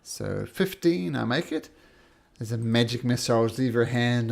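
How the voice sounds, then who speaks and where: A man running a tabletop game, narrating the fight at an unhurried pace. His voice has a gravelly fry to it and his pitch moves a lot as he tells the action and makes spoken sound effects. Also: expressive. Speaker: game master.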